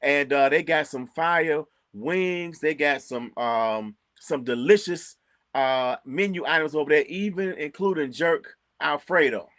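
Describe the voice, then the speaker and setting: A man with a Chicago accent chatting casually as co-host, animated, repeating words and laughing often. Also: on the high side, a little slow, dry recording, clean studio sound. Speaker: co-host recommending local restaurants. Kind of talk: casual chat.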